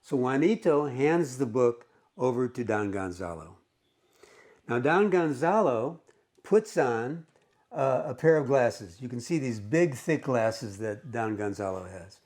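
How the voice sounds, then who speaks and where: A male English teacher walking students through a story in a relaxed, conversational way, checking in often as he goes. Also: medium pitch, a little slow. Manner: conversational, with frequent "okay" checks. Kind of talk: explaining a story in a recorded lesson.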